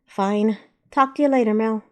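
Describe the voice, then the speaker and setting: A woman voicing a chatty, gossipy female possum who is loud and flirty. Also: a little high, normal speed, close to an everyday voice. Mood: pouty.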